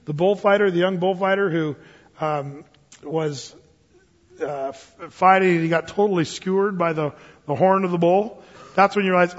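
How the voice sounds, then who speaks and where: A man's voice: high voice, normal speed, fairly bright tone. A man preaching a casual verse-by-verse Bible sermon, joking and digressing as he teaches. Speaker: pastor. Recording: dull sound with long reverb.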